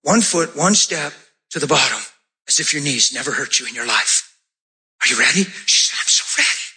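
A male pastor preaching, telling a testimony with acted-out dialogue and bursts of shouted praise. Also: a little high, fairly quick. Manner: animated storytelling, acting out dialogue, shouting praise. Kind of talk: sermon testimony.

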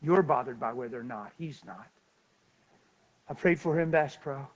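A man preaching a sermon and telling a story, swinging between loud excitement and hushed, soft passages. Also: medium pitch, moderate pace, low-quality recording.

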